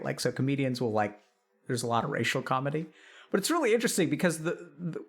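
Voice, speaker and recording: A man's voice: fairly high pitch, fairly bright tone. A middle-aged man, a doctor, chatting casually on a live stream, thinking aloud and reading out chat with frequent restarts.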